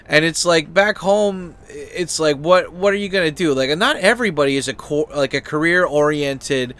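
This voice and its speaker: A man's voice: a little high, moderate pace, fairly bright tone. A man hosting a channel, talking in a loose, rambling way with lots of fillers, restarts and swearing. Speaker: channel host. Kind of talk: casual opinion chat.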